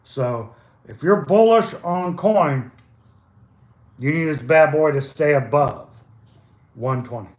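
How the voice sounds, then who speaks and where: Older guy winging a live chart stream at home, chatty, kinda high voice, echoey room. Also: expressive, slow pace, pauses often, a little mellow. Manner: loose, chatty, improvised, with stumbles and asides. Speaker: stock chart livestream host. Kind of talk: casual live chart commentary.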